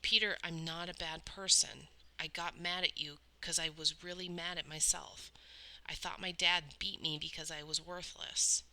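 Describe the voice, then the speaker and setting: A remorseful teenage boy, as a woman reading a storybook voices him, pleading in a quiet, earnest tone. His voice stays low and steady, with a tense, bright edge. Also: normal speed, heavily acted, low-quality recording.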